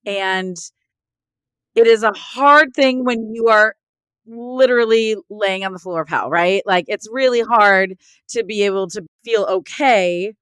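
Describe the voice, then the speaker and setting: A woman's voice: mid-range voice, measured pace, fairly bright tone, clean tone, dry recording. A middle-aged woman, a guest author in a podcast interview, speaking in an earnest, heartfelt way with many "like"s and "right?"s.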